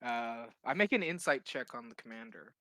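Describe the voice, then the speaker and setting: A bright-voiced male player. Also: medium pitch, expressive, moderate pace, no echo. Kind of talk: casual game chat.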